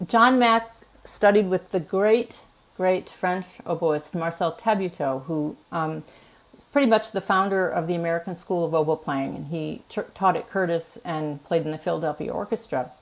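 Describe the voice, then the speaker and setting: A woman's voice: lowish voice, moderate pace. Laughing woman oboist telling a story. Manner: animated storyteller, laughs often. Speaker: oboist and host. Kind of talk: casual onstage chat. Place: museum performance space.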